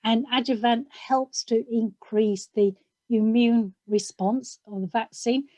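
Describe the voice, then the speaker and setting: Middle-aged woman explaining chemistry, bright voice. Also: fairly high pitch, fairly even intonation, takes it slowly, dry recording. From South London, England. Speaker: analytical chemist, guest. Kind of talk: video call interview.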